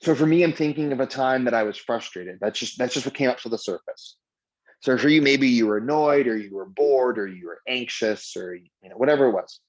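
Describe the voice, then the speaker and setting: A man's voice: medium pitch, brisk, highs cut off. Casual man guiding a mindfulness session. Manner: relaxed, conversational, many "like"s. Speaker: mindfulness trainer. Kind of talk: guided meditation workshop.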